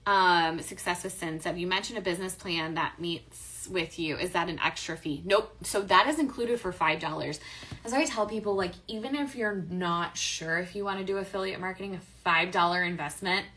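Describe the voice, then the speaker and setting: A woman's voice: lowish voice, moderate pace, sharp tone. A woman hosting a live stream, reading viewer questions and answering them in a chatty, upbeat way with many fillers and self-corrections. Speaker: host of a live stream on affiliate marketing.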